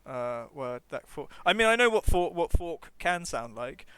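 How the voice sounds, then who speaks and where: A man's voice: fairly high pitch, big pitch swings, moderate pace, pushed and bright, clean tone, no echo. A man, a game streamer who also teaches English, chatting casually and wryly while playing and thinking aloud to his viewers.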